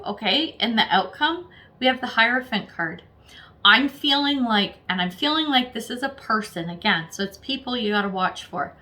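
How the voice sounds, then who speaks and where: A woman giving a casual tarot reading, blunt and laughing, with frequent cursing. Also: sits high. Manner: blunt, profane, laughing, animated. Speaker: tarot reader.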